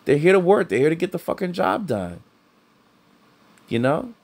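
A man's voice: on the high side, very animated, moderate pace, a little mellow. A middle-aged man giving blunt, heated, profane commentary, often repeating himself. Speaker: commentator reacting to clips.

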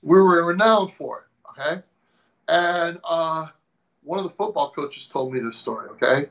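A man from the Pacific Northwest, a former strength coach, telling animated stories in a casual interview and acting out the people he quotes. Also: a little high, moderate pace, low-quality recording. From Tacoma, Washington.

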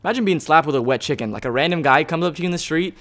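A young man giving casual, excitable let's-play commentary, joking and yelping as he plays. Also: on the high side, rapid-fire. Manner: excitable, jokey, yelps and laughs while playing. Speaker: gaming YouTuber.

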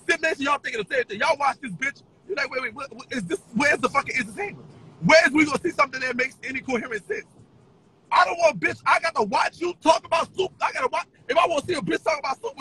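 Male streamer, very high and lively pitch, taunting profane rant with sing-song shouting. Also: low-quality recording. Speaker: social media personality. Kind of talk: profane ranting livestream.

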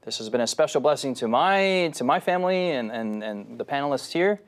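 A man hosting a Bible study panel discussion, animated and conversational, asking the panel questions. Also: medium pitch, brisk. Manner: animated, retells scripture in character voices. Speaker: host.

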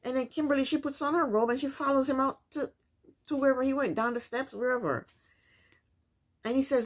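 A woman's voice: high voice, moderate pace, long pauses. A woman casually recapping a reality TV episode, with incredulous, opinionated commentary and rhetorical questions.

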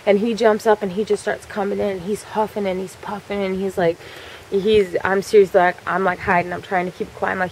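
Woman vlogger, mid-pitched, casual storytelling, chatty and profane. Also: little pitch movement, fairly quick, a little hiss or hum, rough recording. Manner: chatty, frequent fillers, swears freely.

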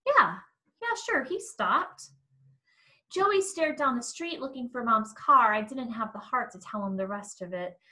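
A woman reading a novel aloud with expressive first-person narration. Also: on the high side, normal speed, hardly any pauses. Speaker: reader.

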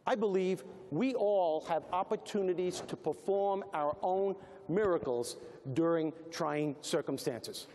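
A fairly high-voiced man with a New York accent hammering home his points with punchy repetition. He speaks in a large hall, where his voice carries a long reverb over a faint murmur of ambience. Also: unhurried, darkish tone, a little hiss or hum. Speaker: motivational speaker. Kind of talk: motivational keynote with comedy.

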